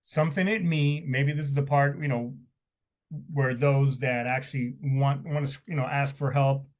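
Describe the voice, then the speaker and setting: A middle-aged man, a military veteran, telling his personal story in an interview. He speaks candidly and with raw emotion, often stopping and repeating words. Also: medium pitch. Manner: halting, with many restarts and repeated words.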